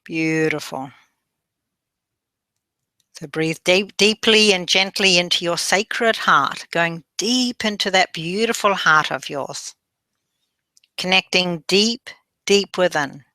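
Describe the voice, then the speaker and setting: A woman leading a guided meditation, giving gentle breathing instructions and having listeners repeat affirmations after her. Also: on the low side, takes it slowly, long pauses, no echo.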